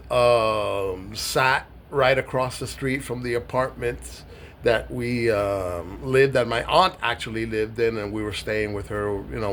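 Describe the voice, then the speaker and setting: A middle-aged man from New York giving an emotional personal monologue to camera, speaking in a heartfelt, halting way with many pauses and repeated words. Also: medium pitch, fairly bright tone, slight background noise. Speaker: vlogger.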